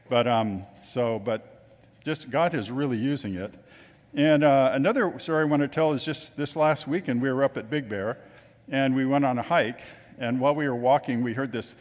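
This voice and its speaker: A man's voice: mid-range voice, a little mellow. Man telling anecdotes in an echoing hall. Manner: chatty anecdotes, acts out quoted voices. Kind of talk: casual storytelling talk. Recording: long reverb of a hall.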